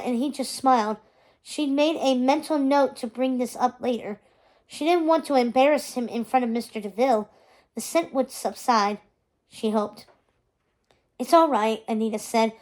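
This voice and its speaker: A woman reading a chapter book aloud, with gentle, expressive narration. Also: high voice. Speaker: reader. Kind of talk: storybook read-aloud.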